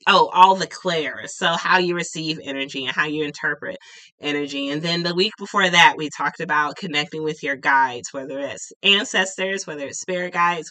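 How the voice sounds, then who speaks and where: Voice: mid-range voice, bright, forceful tone. A spiritual teacher hosting a live Q&A stream from home, talking casually in a rambling way with plenty of fillers, on a desk microphone. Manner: chatty, rambling, filler-heavy. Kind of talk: casual livestream chat.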